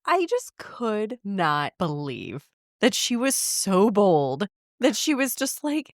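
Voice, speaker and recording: A woman's voice: mid-range voice, wildly swooping pitch, slow pace, no echo, studio quality. A woman co-hosting a book podcast, speaking bluntly and swearing freely in casual chat.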